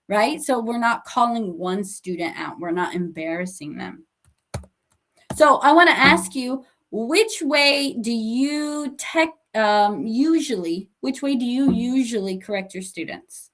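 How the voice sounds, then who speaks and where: A woman's voice: on the high side, a bit bright. A woman presenting an online webinar for teachers, friendly and encouraging, with frequent fillers and short acted-out classroom examples. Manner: acts out teacher and student lines. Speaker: teacher trainer.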